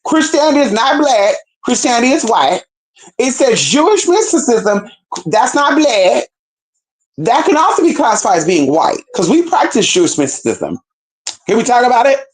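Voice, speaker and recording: Animated, profane woman vlogging. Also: a little high, moderate pace, low-quality recording. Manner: animated, profane, acts out quoted voices. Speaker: self-described certified herbalist and hoodoo practitioner. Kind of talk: casual vlog monologue.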